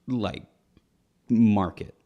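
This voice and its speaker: A man's voice: lowish voice, drawn-out words, dull audio. A young man on a podcast, telling a rambling comedic story, laughing often and acting out the voices of people in it. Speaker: podcast co-host.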